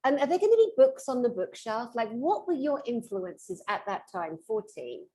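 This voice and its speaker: British woman, interview host, fairly high voice, animated and playful, casual chat. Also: moderate pace. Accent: British English. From England.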